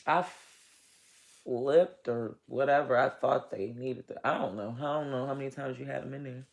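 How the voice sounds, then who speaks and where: A woman's voice: a bass voice, moderate pace, creaky. A woman vlogging from home, a small business owner venting in a blunt, profane, rambling way. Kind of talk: casual venting vlog.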